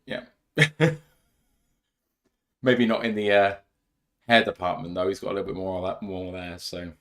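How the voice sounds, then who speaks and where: A man's voice: sits low, normal speed. A young man hosting a casual podcast, chatting and joking about himself with frequent laughs. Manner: laughing, self-deprecating banter. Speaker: podcast host. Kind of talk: casual live podcast chat.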